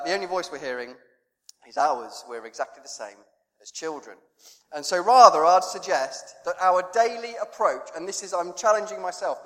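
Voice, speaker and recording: A man's voice: fairly high pitch, a bit bright. A male pastor preaching a sermon in a conversational, self-deprecating way, acting out prayers and children's chatter. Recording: long reverb in a church hall.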